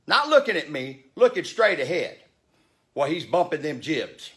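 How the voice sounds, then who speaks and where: A man's voice: fairly high pitch, big pitch swings, moderate pace, a bit bright. Fired-up man in his fifties, swearing freely. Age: 50s. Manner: blunt, profane, fired up. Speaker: vlogger. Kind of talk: heated storytelling rant.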